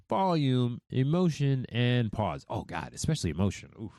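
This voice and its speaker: A man's voice: mid-range voice, sing-song, moderate pace, few pauses, darkish tone, no room sound, clean studio sound. A man from the United States hosting a podcast, talking candidly and thoughtfully with frequent restarts. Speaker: podcast host. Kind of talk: reflective solo podcast talk.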